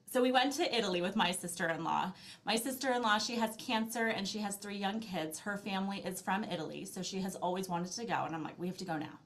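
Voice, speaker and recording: Woman, 30s-40s, podcast guest; lively anecdotal storyteller, conversational, says "like" a lot. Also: medium pitch. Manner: animated storytelling with acted-out quoted asides, filler "like". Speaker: guest, mother who travels with her kids. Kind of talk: casual interview conversation.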